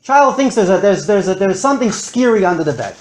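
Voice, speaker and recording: A man lecturing to a live audience, animated and acting out his stories with big swings in his voice. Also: high-pitched, a little fast, a little hiss or hum.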